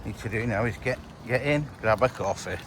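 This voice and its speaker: A man's voice: fairly low pitch, brisk, a bit bright, a little hiss or hum. A man vlogging in a chatty, joking, self-mocking way, recorded on his phone. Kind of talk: casual vlog chat.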